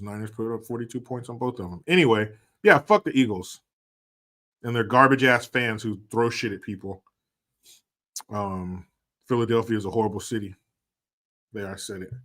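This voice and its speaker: A man streaming and commenting casually, sarcastic and profane, often getting loud and animated. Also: mid-range voice.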